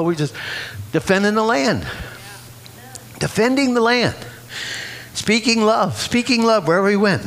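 A man's voice: fairly high pitch, a bit bright, a little hiss or hum. A man preaching a sermon, exuberant and repetitive, often laughing between phrases.

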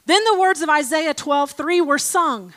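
Woman preaching slow and emphatic, high bright voice, reads bits aloud. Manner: expressive, emphatic, pauses to read aloud. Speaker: Bible teacher. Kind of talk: informal sermon with reading aloud.

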